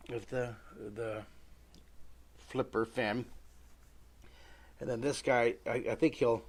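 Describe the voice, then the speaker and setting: A middle-aged man leading a live drawing lesson, chatting to viewers and talking himself through each sketch. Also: mid-range voice. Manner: chatty, talks to himself while sketching, greets viewers by name. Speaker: drawing teacher.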